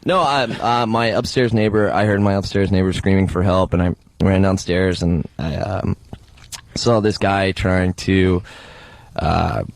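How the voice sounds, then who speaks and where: A young man telling a story as a guest in a casual radio interview, halting and often laughing, on a studio mic in a radio studio. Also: low voice, steady tone, gravelly, dry recording. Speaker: actor guest.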